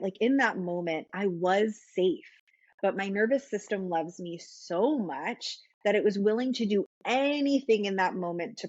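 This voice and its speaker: A woman's voice: medium pitch, no room sound, lo-fi sound. A woman guest explaining trauma and the nervous system in a patient, conversational way, often checking in with "right?". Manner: explains patiently, with frequent "right?" tag questions.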